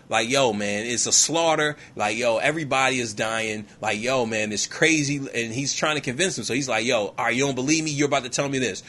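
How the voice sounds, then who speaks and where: A man's voice: medium pitch, sharp tone. A man retelling a movie for laughs in a loose, slangy way, forever tossing in "yo, man" and "you feel me.". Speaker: comedic movie recapper. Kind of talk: comedic film retelling.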